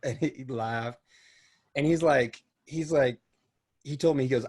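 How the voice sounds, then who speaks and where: A man's voice: on the high side, expressive, moderate pace. A man co-hosting a podcast in casual chat, rambling and laughing easily. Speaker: podcast co-host.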